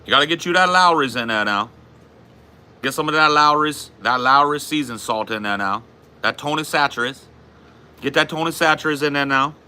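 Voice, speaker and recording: A man putting on a Cajun accent to play a loud, folksy cook who hollers cooking steps. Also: a little high, lively intonation, smooth, voice pushed up. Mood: hyped. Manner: hollering cooking instructions, drawn-out y'all.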